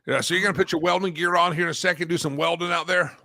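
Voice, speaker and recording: A man hosting a talk show, telling stories in a lively, animated way with frequent laughs and sudden loud bursts. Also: on the high side, racing, gravelly, no room sound. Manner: animated storyteller, laughs often, swings loud. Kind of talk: casual talk show banter.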